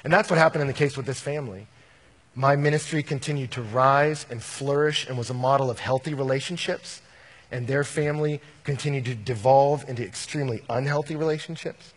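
A man's voice: mid-range voice, a little fast, in a large hall. A man who works as a youth minister, answering an audience question in a candid, storytelling way and often quoting scripture. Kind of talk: conversational Q&A answer.

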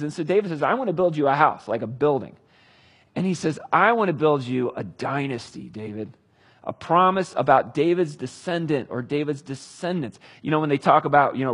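A man's voice: medium pitch, slightly rough. A man preaching a sermon in a conversational style, reading scripture with dramatic emphasis. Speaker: pastor.

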